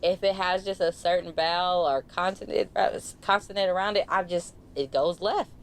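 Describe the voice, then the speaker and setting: A woman with a Bay Area accent, chatting casually as a podcast host, talking fast, dropping her R's and laughing often. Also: on the low side, steady tone, a little hiss or hum. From San Francisco Bay Area. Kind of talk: casual chat.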